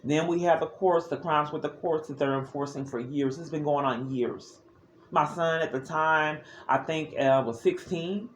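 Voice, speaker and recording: A woman's voice: sits low, normal speed, slight background noise. A woman recording a personal video diary, speaking earnestly and with agitation, often restarting her sentences.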